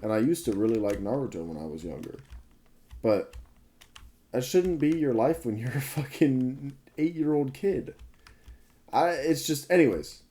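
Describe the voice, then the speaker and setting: Up all night and short on sleep, a gaming creator in his twenties talks casually over his gameplay, drifting a bit, frequently correcting himself and swearing liberally. He has a medium-pitched, dark-toned, expressive voice at a moderate pace.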